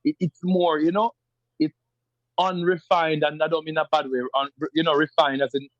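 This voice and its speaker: Man, Jamaican accent, animated, slightly high voice, dry dull recording. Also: moderate pace, dry recording. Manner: animated, imitates dialects with lively pitch jumps. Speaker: guest. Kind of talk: conversational interview.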